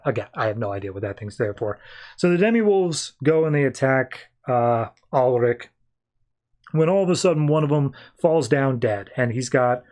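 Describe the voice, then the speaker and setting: A podcast host retelling a comic plot in a loose, rambling way, full of "like" and "uh." His voice sits at an ordinary mid pitch for a man. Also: a little mellow. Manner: rambling, informal, many fillers. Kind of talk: casual comic book recap.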